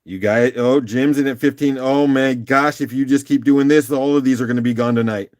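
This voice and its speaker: A man's voice: medium pitch, fairly even intonation, a little fast. A man hosting a casual live-stream rock auction, upbeat and chatty, calling out bids and laughing often.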